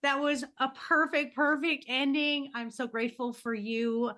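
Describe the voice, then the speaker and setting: Upbeat woman podcast host, higher voice. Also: a little slow. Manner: animated storyteller, acts out quoted voices; upbeat promotional sign-off. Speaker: podcast host and life coach. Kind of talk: casual interview chat.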